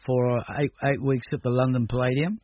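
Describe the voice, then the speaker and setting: A man's voice: medium pitch, little pitch movement, brisk. An older man from Australia, talking through his music career in a rambling, hesitant radio interview full of restarts. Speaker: musician guest. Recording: dull radio recording with faint noise.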